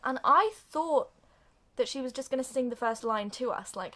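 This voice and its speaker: Young woman, comic film recap, slightly high voice, animated, acts out characters. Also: moderate pace. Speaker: video reviewer.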